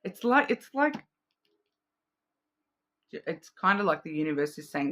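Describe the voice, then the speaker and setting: A woman's voice: low-pitched, big pitch swings, measured pace, fairly bright tone. An Australian woman giving a casual, intuitive card reading, rambling with many fillers and restarts. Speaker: card reader.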